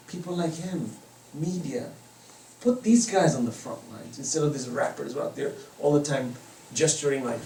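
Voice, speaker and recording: A man giving an impassioned religious lecture at a private home, mixing storytelling with moral teaching. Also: medium pitch. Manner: impassioned, storytelling, varies loudness widely. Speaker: Islamic lecturer. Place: private residence. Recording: echoey room from far off, faint noise.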